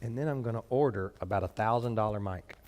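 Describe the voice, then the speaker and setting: A man's voice: on the low side, fast talker, darkish tone, long reverb tail, a little hiss or hum. A pastor preaching a sermon to his church, joking along the way and reading scripture aloud with strong emphasis. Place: church sanctuary.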